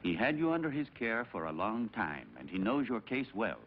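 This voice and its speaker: A patronizing aristocratic husband. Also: male voice, on the low side, sing-song, moderate pace, a little hiss or hum. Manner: smooth, soothing and patronizing. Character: calm, controlling aristocratic husband. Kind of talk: dubbed 1960s film dialogue. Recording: dull old film soundtrack.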